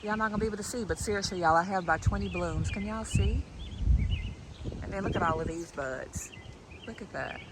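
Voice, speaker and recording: A woman, vlogging casually outdoors in her yard and chatting to her viewers, often dropping to a soft hush. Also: mid-range voice, brisk, noisy background. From United States. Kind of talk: casual chat to camera.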